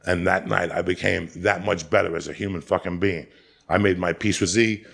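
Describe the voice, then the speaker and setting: A man with a deeply gravelly, fry-laden voice tells a profane story. His delivery is animated and punchy, packed with swearing. His pitch sits a bit low. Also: normal speed. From Cuba. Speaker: stand-up comedian telling a story.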